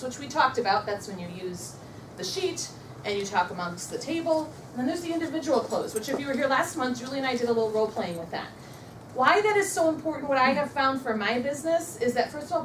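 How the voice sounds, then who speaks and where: Fast-talking, upbeat woman training a sales team. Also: a little high, roomy sound, recorded from a distance, a little hiss or hum. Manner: upbeat, coaching, leads the audience in repeating affirmations. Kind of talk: motivational sales training talk. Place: meeting room with a live audience.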